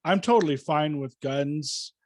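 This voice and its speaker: A man's voice: a little high, measured pace, a little mellow. A man hosting a casual podcast, asking long, hesitant questions full of fillers. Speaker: podcast host.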